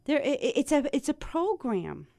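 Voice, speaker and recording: A woman's voice: high-pitched, sing-song, moderate pace, vocal fry, warm tone, no echo, studio quality. A woman speaking straight to her viewers in a casual monologue, wandering and searching for her notes, then heated and swearing. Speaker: video host.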